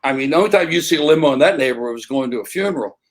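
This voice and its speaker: Husky older man telling animated stories. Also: a little high, rapid-fire, poor audio. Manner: animated, acts out voices in anecdotes. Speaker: interview guest. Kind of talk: casual storytelling.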